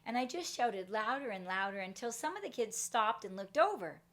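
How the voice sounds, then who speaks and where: A middle-aged woman speaks in a fairly high voice, giving a motivational talk. She tells a personal story with energy and acts out the voices of the people in it. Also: lively intonation, moderate pace. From Canada.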